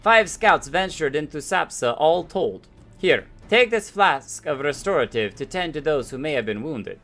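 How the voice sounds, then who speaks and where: A man's voice: on the high side, expressive, normal speed, a bit bright, faint music behind. Earnest woman garrison commander, as a man reads her out. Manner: declaiming, mock-formal. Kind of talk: reading game dialogue aloud.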